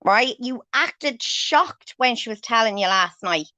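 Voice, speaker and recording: A high-voiced woman tears into someone on her livestream, cursing constantly and hammering her points home. Her voice is bright and sharp. The sound is close and dry, with no room around it. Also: expressive, a little slow, no echo. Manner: angry, swears heavily, confrontational. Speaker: livestream host. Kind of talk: angry livestream rant.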